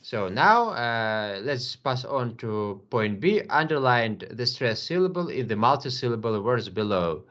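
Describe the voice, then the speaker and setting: A man's voice: medium pitch, sing-song, fairly bright tone. Guy teaching english to one student, patient, says everything twice, kinda dull lo-fi audio. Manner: patient, repeats words slowly, many fillers. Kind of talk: online English lesson.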